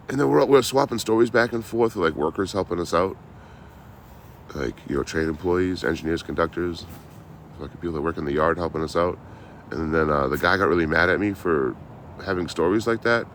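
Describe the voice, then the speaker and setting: A traveling live streamer chats outdoors in a low-pitched voice, with a slight hiss or hum on the recording. He rambles through road stories, swearing and staying relaxed throughout.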